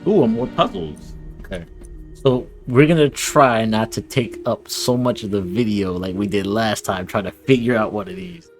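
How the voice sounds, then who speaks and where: Young male gaming creator, low voice, casual rambling, faint game music. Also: normal speed. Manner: rambling, chatty. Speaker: gaming YouTuber. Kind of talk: casual gameplay commentary.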